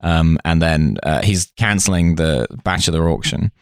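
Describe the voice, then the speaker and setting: A man hosting a podcast, recapping a sitcom episode in casual chat with dry, deadpan jokes and frequent laughs. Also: rumbling low, normal speed, no room sound. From Britain.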